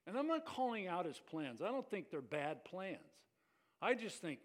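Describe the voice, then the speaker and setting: A man's voice: high-pitched, sing-song, moderate pace. A male pastor preaching a sermon, acting out the lines he quotes, often restarting words.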